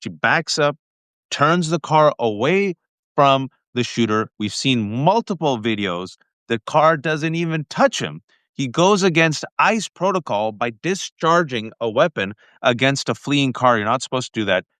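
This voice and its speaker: Man, guest commentator, emphatic, insistent, medium pitch, dry sound. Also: sing-song, a little slow, a bit bright, no echo. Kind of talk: impassioned political talk.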